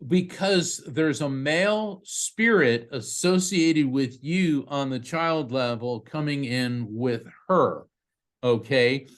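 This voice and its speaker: A man working as a psychic medium, giving a live reading to a participant over a video call in a quick, conversational way, often restarting his sentences. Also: mid-range voice. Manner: fast, restarting, conversational delivery.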